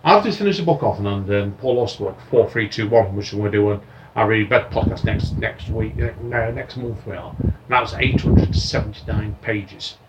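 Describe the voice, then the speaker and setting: A man's voice: fairly low pitch, a little fast, dull audio, very noisy. A man hosting a casual podcast, reading out news items in a chatty, rambling way. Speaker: podcast host.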